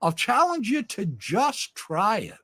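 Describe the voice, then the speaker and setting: A middle-aged man hosting a livestream, telling stories in an animated, upbeat way that swings between booming and hushed. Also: slow, husky, dry recording. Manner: upbeat, self-described extrovert. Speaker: livestream host. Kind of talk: casual monologue.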